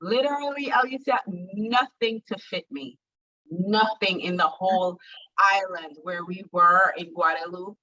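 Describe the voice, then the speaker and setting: Woman from Jamaica, confidence coach; animated storyteller, bright and forceful, heard distant over a muffled call. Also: lowish voice, unhurried. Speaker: confidence coach and plus-size model. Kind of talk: casual interview chat.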